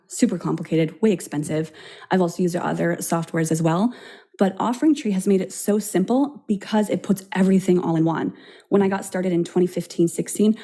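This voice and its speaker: A woman's voice: mid-range voice, dark tone. A woman who is a yoga teacher talking with enthusiasm in a casual interview. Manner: enthusiastic recommending. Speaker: yoga teacher, studio owner.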